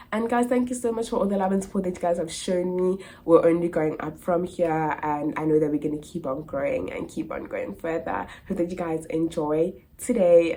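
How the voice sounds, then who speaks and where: A woman's voice: sits low, mellow, slight background noise. A young South African woman in her twenties, an au pair answering viewer questions in a casual vlog, chatty and full of "like" and "literally". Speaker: au pair vlogger.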